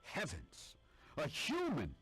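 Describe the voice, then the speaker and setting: An actor playing an excitable, theatrical old male sage who speaks in dramatic exclamations. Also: fairly high pitch, breathy edge, faint music behind, full character voice. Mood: astonished. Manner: dramatic exclamations, slow drawn-out delivery.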